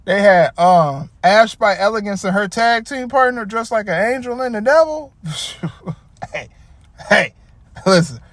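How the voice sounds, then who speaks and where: Cursing and growing animated, a Detroit-area man who comments on wrestling rambles loosely about a show at a measured pace. His voice is high-pitched. The sound is dry and close-miked, with no trace of the room.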